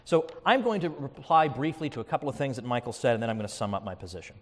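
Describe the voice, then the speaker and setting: A man's voice: mid-range voice, a little hiss or hum. Wry man debating in a reverberant hall. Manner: wry, quick, argumentative. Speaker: debater and podcast host. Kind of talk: live debate rebuttal. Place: event hall before an audience.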